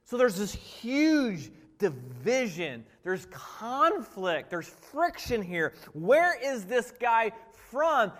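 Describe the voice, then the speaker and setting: A man preaching a sermon, animated and full of rhetorical questions, dropping to a hush and rising again. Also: sits high, slow. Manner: animated, rhetorical questions, swings between loud and hushed. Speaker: pastor. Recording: reverberant hall.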